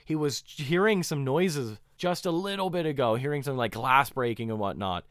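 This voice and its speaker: Man co-hosting a podcast, animated storyteller, smooth clear voice, dry close sound. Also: medium pitch, moderate pace, dry recording. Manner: animated storytelling, laughs often. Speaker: podcast co-host. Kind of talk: casual chat recapping a show.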